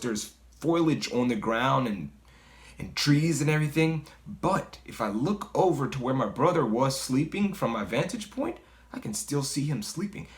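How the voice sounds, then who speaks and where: A man casually telling a personal story in a loose, conversational way, full of fillers and swearing. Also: medium pitch. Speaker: guest storyteller.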